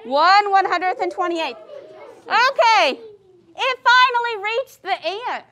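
A woman teacher reading a picture book aloud to children, lively and asking the class questions along the way. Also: very high voice, takes it slowly.

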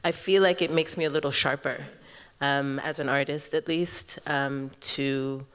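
An American-born artist speaking as a panelist in a chatty, lively way, laughing easily. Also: medium pitch, measured pace, smooth. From United States. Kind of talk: panel discussion answer.

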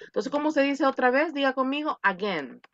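This English teacher talks fast in a high, expressive, slightly bright voice over lo-fi audio. During an online lesson for Spanish speakers, she reads a story, drills pronunciation and switches between the two languages.

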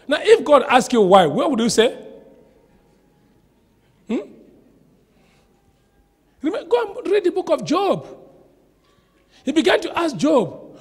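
A man preaching a sermon as a pastor, shouting some lines and slowing hard on others. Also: very high-pitched, wildly swooping pitch, slightly rough. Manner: preaching with sudden shouts and dramatic slow stretches. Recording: long hall reverb.

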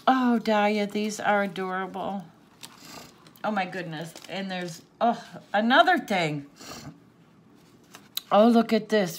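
A woman opening gifts off camera for her viewers, teary and sniffling, gasping and laughing with delight. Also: mid-range voice. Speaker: crafting channel host. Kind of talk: unboxing happy mail, chatting to viewers off camera.

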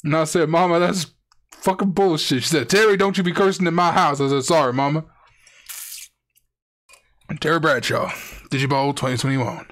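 A man's voice: on the high side, fairly even intonation, moderate pace, pauses often, fairly bright tone, close to an everyday voice. A man putting on a hammy Southern American football announcer voice as a middle-aged man. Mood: folksy. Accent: mock Southern American.

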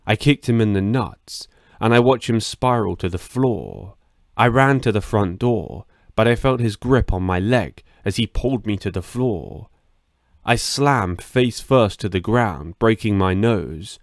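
A man reading a first-person horror story aloud in a steady, measured way. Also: fairly low pitch, no echo, clean studio sound.

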